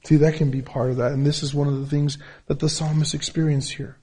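A man's voice: on the high side, flat delivery, a little fast, warm tone, breathy edge. A pastor preaching a sermon in English, his second language, with a non-native accent and emphatic, repetitive phrasing. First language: not English.

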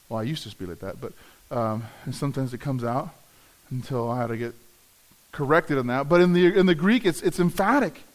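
High-voiced man preaching a sermon. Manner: earnest, repeats words as he restarts. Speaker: pastor.

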